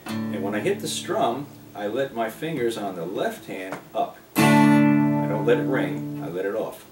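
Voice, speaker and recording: Slow-talking male guitar teacher. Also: fairly low pitch, lively intonation. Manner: unhurried, explains while playing, breaks into singing. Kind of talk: relaxed guitar lesson, talking and singing along. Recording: roomy sound, mic at a distance, loud guitar. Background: his own guitar playing.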